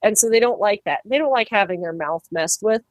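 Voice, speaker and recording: A woman's voice: medium pitch, a little fast, no echo. Woman farrier chatting away about her work, acts out voices, dry room sound. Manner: animated, acts out quoted voices, laughs easily. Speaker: farrier and pig trimmer. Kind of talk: casual interview talk.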